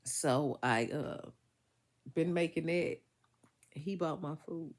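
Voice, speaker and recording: Woman vlogger, fry in the voice, casual and emphatic, a bit under the weather. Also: low voice, slow. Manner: chatty, emphatic, Southern US vernacular speech. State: congested, recovering from illness. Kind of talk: casual storytelling to viewers.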